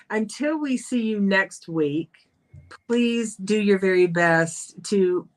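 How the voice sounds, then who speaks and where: A woman co-hosting a talk show, speaking calmly and in a measured way, slowing down as she closes the show. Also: mid-range voice. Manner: calm, measured, slows down to close. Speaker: co-host and coach. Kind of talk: reflective talk-show chat.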